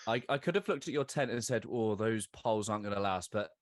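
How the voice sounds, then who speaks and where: A man hosting a podcast interview, chatty and quick to laugh. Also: lowish voice, dry recording, studio quality. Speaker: podcast host.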